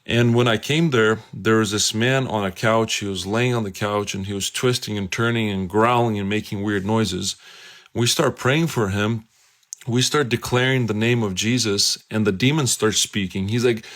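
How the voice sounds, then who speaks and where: A preacher telling a personal story in an earnest, emphatic way and urging listeners directly. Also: male voice, fairly low pitch, moderate pace, fairly bright tone. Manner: earnest and emphatic, urgent appeals.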